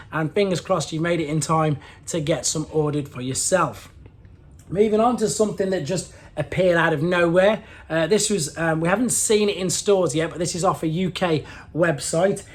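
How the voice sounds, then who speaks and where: A man's voice: high-pitched, a little mellow. A man hosting a casual weekly toy news roundup, enthusiastic and rambling, with plenty of fillers and restarts. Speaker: toy collector channel host.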